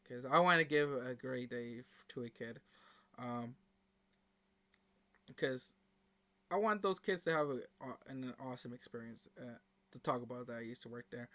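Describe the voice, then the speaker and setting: Young man, high voice, casual vlog host, rambling, slangy, lots of fillers. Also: pushed and bright. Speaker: reaction video host. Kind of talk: casual storytelling to camera.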